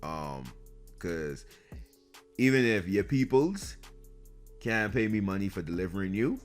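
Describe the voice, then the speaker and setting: A man paraphrasing a gruff, dismissive bounty hunter in a low, quiet voice. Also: sing-song, measured pace, soft background music.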